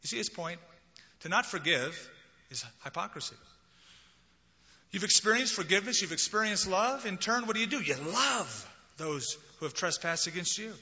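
A man preaching a sermon, expressive and acting out the voices of people he quotes. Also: high voice. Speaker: pastor. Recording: dull lo-fi recording in a large hall.

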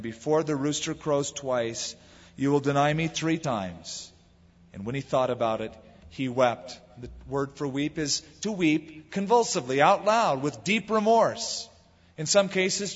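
A husky-voiced American man preaching a sermon, with a voice sitting a little high for a man. He tells the story conversationally and leans into the quoted lines. The recording is dull and lo-fi, with a long reverb trailing behind him. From United States. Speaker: pastor.

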